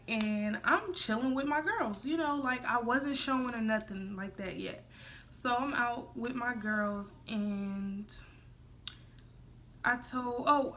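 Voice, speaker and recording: A young woman in her early twenties telling a personal story casually as a vlogger, chatty and full of "like" and "y'all", dropping to a hush for her inner thoughts. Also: on the high side, a little hiss or hum. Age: young adult. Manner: chatty, says "like" and "y'all" a lot, drops to a hush for quoted thoughts.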